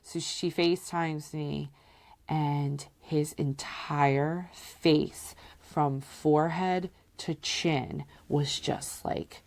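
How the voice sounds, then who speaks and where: Slow, low-voiced woman telling stories. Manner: chatty, peppered with "like" and "you know"; relaxed and candid, acts out quoted voices. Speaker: podcast host. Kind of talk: casual personal storytelling.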